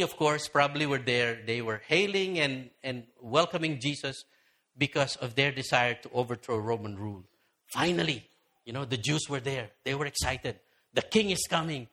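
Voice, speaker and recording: A man preaches a sermon with a high, bright voice. He tells the story animatedly and acts out the voices of crowd members. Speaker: pastor.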